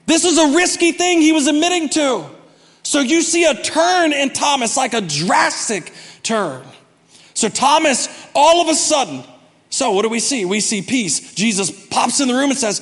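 A man preaching a sermon as pastor, humorous, swinging from soft asides to loud, emphatic bursts. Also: extremely high pitch, expressive, normal speed, big-room sound.

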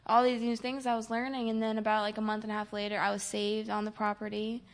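A woman's voice: medium pitch, completely flat delivery, quick pace. A young woman giving a casual personal testimony, full of "like" fillers, recounting conversations with others. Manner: casual, many "like" fillers, quotes others in dialogue. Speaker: recovery program resident.

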